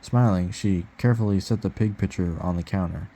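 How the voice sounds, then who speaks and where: A man reads a children's movie tie-in book aloud in a casual, unpolished way, interrupting himself with sarcastic swearing. His voice is low and dark. A faint hiss hangs in the background. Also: brisk. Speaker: channel host reading a book aloud.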